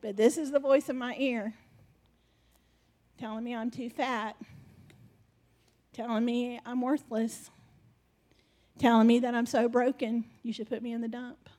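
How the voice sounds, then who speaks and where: A woman's voice: a little high, little pitch movement, a little slow, pauses often, darkish tone. A woman preaching animatedly and directing a live skit with her congregation.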